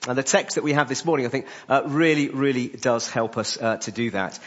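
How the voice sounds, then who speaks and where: A man preaching a sermon, pausing often with "uh" between phrases. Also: medium pitch, lo-fi sound. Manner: frequent "uh" fillers between phrases.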